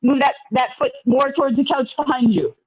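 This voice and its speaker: A man teaching a karate class online, giving brisk, encouraging commands. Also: extremely high pitch, steady tone, slightly rough. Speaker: karate instructor. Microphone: video call. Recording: lo-fi video call audio.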